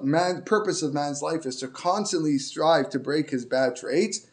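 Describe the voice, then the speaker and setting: A man teaching Torah, halting and animated. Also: fairly high pitch. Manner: halting, many restarts, animated when telling stories. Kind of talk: informal Torah class with storytelling.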